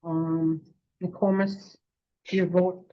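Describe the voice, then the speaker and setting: Woman chairing a meeting, low voice. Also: flat delivery. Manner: procedural, measured. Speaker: board chair. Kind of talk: formal meeting business. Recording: muffled lo-fi meeting recording.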